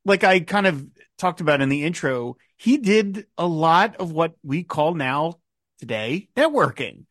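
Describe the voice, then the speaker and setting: Man, podcast host, rambling questions, a bit high-pitched, dry close sound. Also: animated, a little slow, a bit bright, no room sound. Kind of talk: casual podcast chat.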